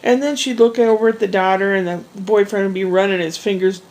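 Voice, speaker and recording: A woman's voice: medium pitch, fairly even intonation, fairly quick, a little mellow, rough recording. A woman vlogger telling a long, rambling everyday story in a chatty way, with frequent restarts and asides. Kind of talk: casual storytelling monologue.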